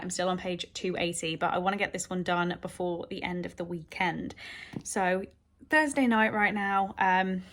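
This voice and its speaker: A woman vlogging casually about her books and her week at home, chatty and rambling, with fillers. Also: medium pitch. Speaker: book vlogger. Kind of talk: casual chat.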